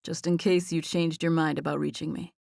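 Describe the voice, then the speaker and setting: A woman voicing a charming young male TV chef, playful and teasing in a softly lowered voice. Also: little pitch movement, fairly quick, gravelly, no room sound, studio quality. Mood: earnest.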